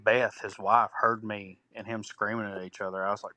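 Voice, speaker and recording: A man's voice: fairly low pitch, flat delivery, normal speed, sharp tone. Profane man telling a story. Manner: profane, rambling, acts out quoted arguments. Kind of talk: casual storytelling.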